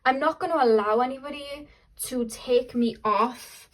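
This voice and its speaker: A woman's voice: high-pitched, a little slow, a little hiss or hum, poor audio. A young woman doing a casual tarot reading, chatty and upbeat, often trailing off and restarting. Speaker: tarot reader.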